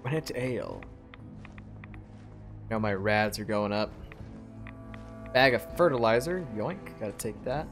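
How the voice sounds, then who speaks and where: A man's voice: fairly low pitch, big pitch swings, measured pace, pauses often, music in the background. Laid-back man narrating his gameplay. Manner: laid-back, musing aloud, says "man" a lot. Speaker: gamer. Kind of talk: casual gameplay commentary.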